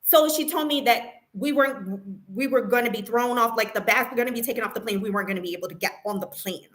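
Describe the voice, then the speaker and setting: Indignant woman vlogger, high bright voice, emotional storytelling with restarts. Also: fast. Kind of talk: personal story vlog.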